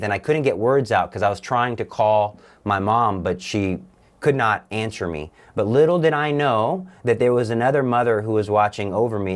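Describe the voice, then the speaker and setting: A young man, a guest on a talk show, giving an earnest, halting personal testimony with many restarts. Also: on the low side.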